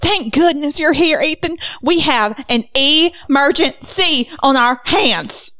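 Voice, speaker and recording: A very old, fussy great-aunt, as a woman puts her on in a podcast skit, with a broad exaggerated Southern drawl. She talks with theatrical alarm in a slightly high voice. The recording is dry and close. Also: expressive, takes it slowly, sharp tone, no room sound, full character voice.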